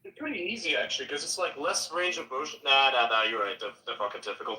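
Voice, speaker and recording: A man's voice: mid-range voice, fast, sharp tone, low-quality recording. A man in a casual podcast chat, joking crudely and swearing freely.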